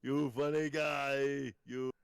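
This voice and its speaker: Brief: man doing an Austrian-accented strongman impression, gravelly, mid-pitched, dry close mic. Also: little pitch movement, takes it slowly, no room sound. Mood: jokey. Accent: Austrian, put on. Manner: heavy mock-menacing delivery, clipped phrases. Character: gruff older male action-star impression. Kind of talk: comedic impression on a podcast.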